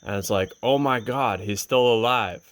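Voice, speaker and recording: A man's voice: fairly low pitch, normal speed. A man in casual chat, retelling events plainly and matter-of-factly. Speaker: podcast co-host.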